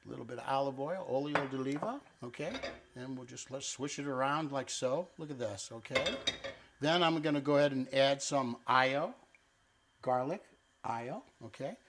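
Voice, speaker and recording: A man with a mid-range voice, speaking at normal speed against a noisy background, hosts a casual cooking demonstration. Working at a kitchen island and stovetop, he chats playfully and teaches Italian words while he cooks.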